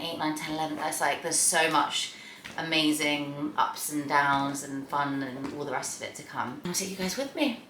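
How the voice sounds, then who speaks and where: A young woman talks to her viewers in a loose, rambling vlog chat. Her voice sits low but comes across bright and forceful. The room around her is echoey, with faint ambient noise underneath. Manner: chatty, rambling, warm and open. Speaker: vlogger. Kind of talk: casual chat to camera.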